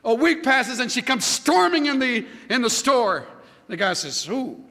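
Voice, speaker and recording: A man preaching a sermon, animated, building up to a joke story. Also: very high-pitched, moderate pace, big-room sound. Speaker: pastor.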